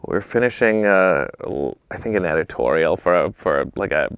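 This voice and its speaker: A low-pitched, smooth-voiced man speaks briskly as a talk show guest sharing anecdotes. Relaxed and quick to swear, he brings the stories to life by acting out the quoted voices.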